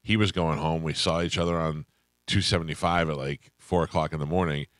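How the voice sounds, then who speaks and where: A middle-aged man hosting a radio show, telling quick anecdotes in casual studio chat and acting out the voices of the people in his stories. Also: a bass voice, steady tone, a bit bright, no echo. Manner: rapid anecdotes, acts out quoted voices.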